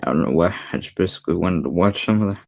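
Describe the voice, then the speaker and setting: A man's voice: sits low, very fast, muffled recording. A young man streaming, chatting casually in a rambling, giggly way with some swearing.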